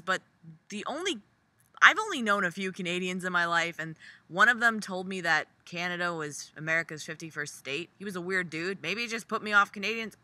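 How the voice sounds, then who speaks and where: A woman's voice: sharp tone, no room sound. Sarcastic young woman ranting. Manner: sarcastic, profane, jumpy pitch for mock quotes. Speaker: vlogger. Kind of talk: comedic rant.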